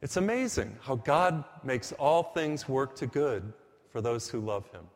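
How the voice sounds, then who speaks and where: A man preaching a sermon, emphatic and full of stories, slowing down and speeding up to drive his points home. His voice sits in a middle pitch. A long reverb from a big church hall trails each phrase. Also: expressive. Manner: storytelling, emphatic, varies pace for effect.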